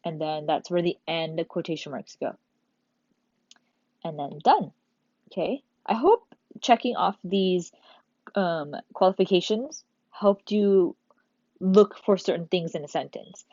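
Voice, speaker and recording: Lady teacher explaining stuff to kids, super lively pitch, kinda dull lo-fi dry sound. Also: measured pace, long pauses, dry recording. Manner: animated, explains step by step to young pupils. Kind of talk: recorded remote class lesson.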